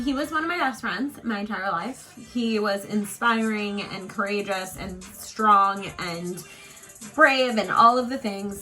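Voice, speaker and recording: A psychic medium woman rambles through a personal story in a chatty, filler-heavy way, emotional at moments. Her voice is bright and forceful. Faint music plays behind her. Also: mid-range voice, low-quality recording. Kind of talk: casual get-ready-with-me storytelling.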